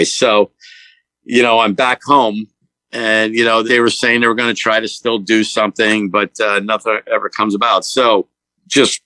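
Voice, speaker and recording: Guy spinning a rambling story, bright forceful voice, dry sound, acts out what people said. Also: lowish voice, dry recording, rough recording. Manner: animated, retells conversations in their voices; loose and rambling, with fillers and restarts. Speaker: guitarist telling a story as a guest. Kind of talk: conversational storytelling.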